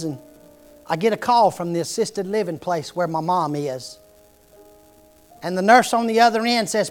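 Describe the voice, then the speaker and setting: A middle-aged man delivers an impassioned sermon, his voice sitting a little high. He tells the story with growing fervor, and soft music plays faintly behind him. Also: normal speed, long pauses. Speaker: preacher.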